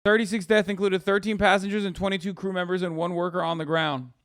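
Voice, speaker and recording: A man streaming reaction commentary, talking in a profane, animated and mocking way. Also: high-pitched, quick pace, no room sound, studio quality.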